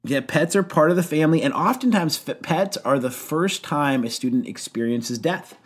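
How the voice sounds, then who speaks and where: A man's voice: fairly high pitch, animated, moderate pace, breathy edge. A man co-hosting a podcast as a youth pastor, telling a funny story in casual chat, laughing often and acting out the quoted lines.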